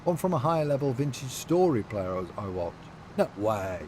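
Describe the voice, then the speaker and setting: A man's voice: medium pitch, very animated, a little fast, few pauses, a little mellow, slight background noise. Rambling man chatting on stream. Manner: rambling, reads chat aloud, many fillers. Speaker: game streamer. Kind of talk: casual livestream chat.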